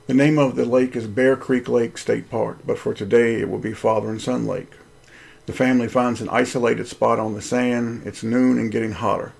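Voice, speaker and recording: Gravelly husky male host, earnest preacher-style reading of his own story. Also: mid-range voice, flat delivery, moderate pace, darkish tone. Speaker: Christian video host.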